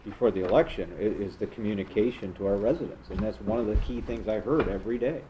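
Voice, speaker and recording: A man, a village trustee, talking in relaxed, mumbled asides at a public budget meeting. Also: fairly low pitch, quick pace, dull audio, background noise.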